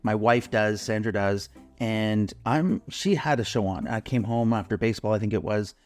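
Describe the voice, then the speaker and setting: A man co-hosting an advertising podcast, telling a story in a lively, laughing, swearing way. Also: on the low side, moderate pace. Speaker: podcast co-host, advertising consultant. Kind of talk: casual chat.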